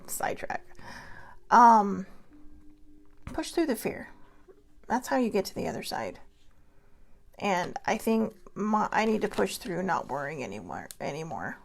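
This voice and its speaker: A woman's voice: mid-range voice, big pitch swings, moderate pace, gravelly. A middle-aged woman hosting her own show, giving an earnest, rambling, self-deprecating motivational talk. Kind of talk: casual motivational monologue.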